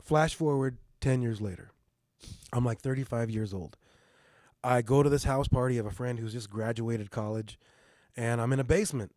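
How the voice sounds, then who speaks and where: A middle-aged man casually telling a story on a podcast, animated and swearing, often asking "you know what I mean". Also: medium pitch, moderate pace, dry recording, clean studio sound. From Mexican heritage. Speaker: podcast host.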